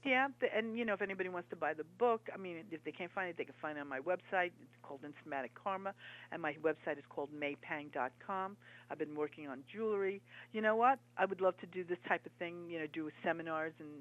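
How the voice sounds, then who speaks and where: A woman interview guest and author, talking in an earnest, halting, reminiscing way. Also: fairly low pitch. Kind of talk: conversational interview. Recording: dull lo-fi broadcast audio.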